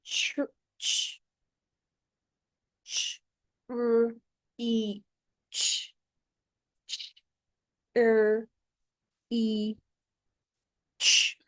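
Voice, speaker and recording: A woman's voice: fairly high pitch, completely flat delivery, very slow, long pauses, fairly bright tone, no room sound, poor audio. A woman with an Australian accent, a student carefully sounding out words in a phonics lesson.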